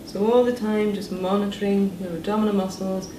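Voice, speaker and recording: A woman voice therapist calmly guiding listeners through breathing and voice exercises in a slow, instructional manner. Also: medium pitch. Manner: calm, slow instructional guidance. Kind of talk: demonstrating voice exercises. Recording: distant echoey room with background noise.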